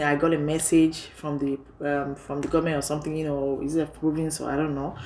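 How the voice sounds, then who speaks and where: A woman in her thirties telling a personal story on her vlog in a lively way, often saying "you know". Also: sits low, fairly quick. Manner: lively retelling, heavy use of "you know". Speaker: vlogger. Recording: echoey room.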